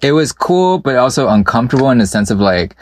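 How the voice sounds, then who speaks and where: A man's voice: medium pitch, sing-song, fast, slight background noise. A man co-hosting a podcast in casual, profane chat, rambling with fillers and laughing often. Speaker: podcast co-host.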